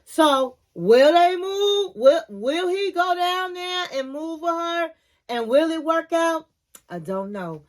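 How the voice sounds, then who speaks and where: A woman's voice: very high voice, slow pace. A woman hosting a casual TV recap, animatedly retelling scenes and acting out what people said, with opinionated asides. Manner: animated storyteller, acts out quotes, opinionated asides. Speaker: reality TV recap host.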